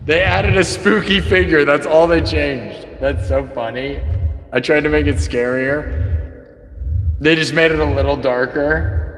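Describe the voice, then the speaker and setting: A man's voice: fairly high pitch, measured pace, a bit bright, big-room sound, a little hiss or hum. A man hosting a livestream, chatting casually to viewers in an amused way. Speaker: livestream host.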